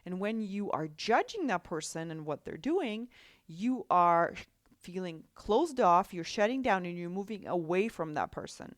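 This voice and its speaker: A woman's voice: on the low side, big pitch swings, measured pace, no echo. Woman podcast host, casual and rambling, self-correcting, recorded close and dry. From Russia. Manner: chatty, with many restarts and rhetorical "right?". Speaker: podcast host and life coach. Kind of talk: solo podcast talk.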